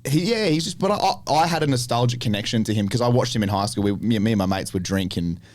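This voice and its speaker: A young adult man, a podcast guest telling animated stories about acting work, swearing often. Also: on the low side, fast, dry recording. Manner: animated storytelling with lots of swearing. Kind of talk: casual chat.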